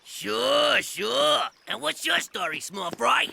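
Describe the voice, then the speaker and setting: A man's voice: very high-pitched, lively intonation, slow pace, gravelly, pushed and bright, slight background noise, exaggerated voice. A man voicing a scrappy, tough-talking male garden gnome leader in a cartoon, with music underneath. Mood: gruff. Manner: brash, tough-guy, insulting.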